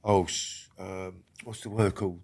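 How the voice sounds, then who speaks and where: A man's voice: low voice, fairly even intonation, unhurried, gravelly, darkish tone, slight background noise. An older man, a guest on a podcast, talking bluntly with constant swearing and rambling restarts. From England. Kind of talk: casual interview talk.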